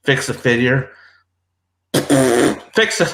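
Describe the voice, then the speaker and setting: A man's voice: mid-range voice, moderate pace, reverberant, noisy background. A man hosting a casual livestream, laid-back and profane, talking up his guests. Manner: laid-back, swears freely, hypes up guests. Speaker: livestream host.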